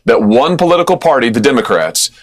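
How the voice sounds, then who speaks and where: A man speaking as a politician, forceful and declarative, played back as a clip. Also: medium pitch, big pitch swings, fast. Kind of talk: political statement.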